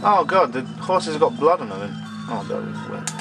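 A man doing let's-play commentary, excitable, swearing at the game and talking to its characters, and a bit hoarse as he loses his voice. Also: a little high, moderate pace, loud music behind the voice. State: losing his voice. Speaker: let's player. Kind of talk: gameplay commentary.

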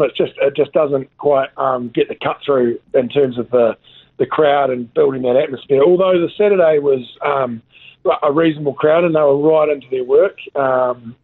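A man's voice: a little high, no echo. A New Zealand man, a former rugby player, chatting casually as a guest in a laid-back, rambling way, full of fillers. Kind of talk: casual chat. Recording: tinny phone line.

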